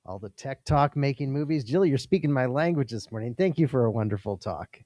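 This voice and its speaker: Calm man leading a church offering. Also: mid-range voice, brisk, dry recording, highs cut off. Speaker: service leader. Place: church sanctuary.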